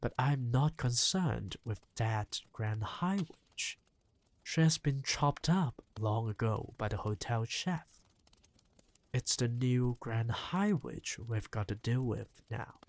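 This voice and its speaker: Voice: mid-range voice, takes it slowly, dry recording. A reader voicing a spirited, bossy old grandmother in an audiobook, talking impatiently and rousingly. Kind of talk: audiobook reading.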